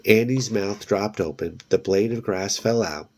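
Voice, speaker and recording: Man, fairly low voice, reading a children's book aloud, plain steady narration, small slips. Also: unhurried. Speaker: book video host.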